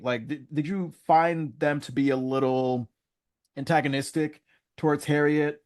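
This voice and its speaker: A man's voice: medium pitch, fairly even intonation, moderate pace. A man co-hosting a podcast in casual chat, talking in a chatty, hedging way and now and then acting out voices. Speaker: podcast co-host.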